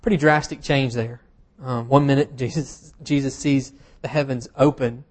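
A man delivers a sermon in an informal, talky style, his voice sitting at an ordinary middle pitch. He slips wry, self-deprecating jokes in between scripture points and pads his phrases with easy fillers. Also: fairly even intonation, normal speed. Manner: casual and self-deprecating, with humorous asides and frequent fillers. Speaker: preacher. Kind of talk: conversational sermon.

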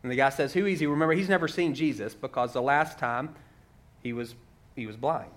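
A man's voice: mid-range voice, a little fast, fairly bright tone. A man preaching a sermon in a conversational way, walking through a story and asking many rhetorical questions.

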